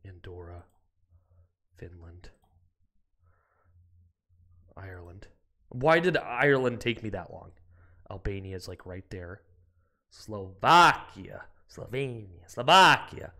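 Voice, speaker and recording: An American man streaming a geography game, excitable, yelping and swearing, then muttering to himself. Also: fairly low pitch, slow, pauses often. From United States. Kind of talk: live-stream gameplay commentary.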